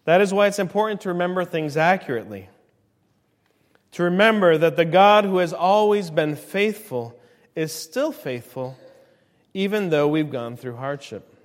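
A man in his thirties preaching a sermon as a pastor, swinging from quiet, low passages to loud, ringing climaxes. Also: expressive, normal speed, long reverb tail.

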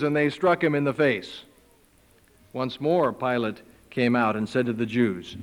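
A male preacher reading a Bible passage aloud and adding his own commentary, telling it like an animated story. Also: medium pitch, normal speed. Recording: long hall reverb.

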